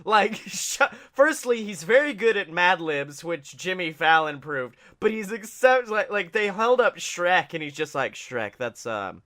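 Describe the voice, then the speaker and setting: A man co-hosting a casual wrestling podcast, excitable and laughing often, slipping into quick impressions as he tells stories. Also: high-pitched. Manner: excitable, laughing, doing quick voices of people he talks about. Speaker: podcast co-host.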